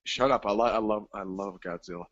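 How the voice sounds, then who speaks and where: A man in casual movie chat, crude and joking, acting out scenes in quick voices. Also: on the low side, fairly bright tone, no echo. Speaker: co-host. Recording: dull lo-fi recording.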